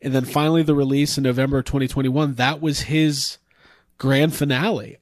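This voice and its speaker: A man hosts a podcast in casual chat, telling stories with excitement and the odd swear word. His voice sits mid-range and sounds dry and close. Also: medium pitch, fairly quick, no room sound. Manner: enthusiastic, swearing, storytelling.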